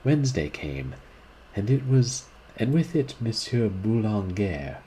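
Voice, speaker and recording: A man reading a classic short story aloud, in a deliberate, expressive manner, shifting his voice for the characters. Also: on the low side, slight background noise, rough recording.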